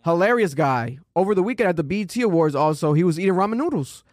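Man, casual commentary, profane and animated, slightly high pitch, dry recording. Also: fast, no room sound. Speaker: co-host.

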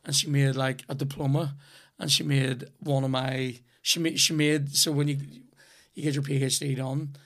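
A man's voice: medium pitch, flat delivery, normal speed, fairly bright tone. A man in his thirties with a Northern Irish accent, hosting a podcast and telling long, rambling, sweary stories in casual chat. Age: 30s. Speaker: podcast host.

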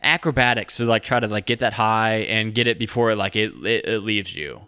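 A man's voice: lowish voice, brisk, sharp tone, smooth, dry recording. Young male game master; loose, filler-heavy narration, dry sound. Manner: casual, full of fillers like "like" and "uh".

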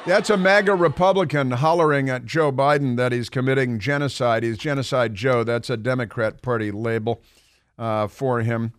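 A man's voice: mid-range voice, fairly even intonation, moderate pace, clean tone, no room sound. A man hosting a talk radio show, commenting in a sarcastic, mocking way with frequent restarts.

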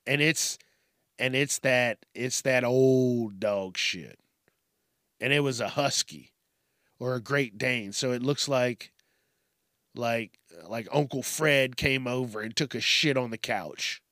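A man hosting a profane comedic news show, ranting and telling stories in a crude, animated way. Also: mid-range voice, slow, no echo, studio quality. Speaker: show host.

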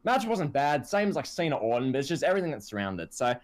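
A man's voice: a little high, fast. A man co-hosting a casual wrestling chat, ranting animatedly. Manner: animated ranting, quotes others in put-on voices. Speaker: podcast co-host.

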